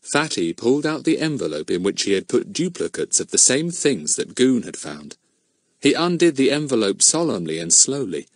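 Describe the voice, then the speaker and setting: A man's voice: medium pitch, very animated, moderate pace, no echo. A man reading a children's mystery audiobook aloud, narrating expressively and giving each character a voice.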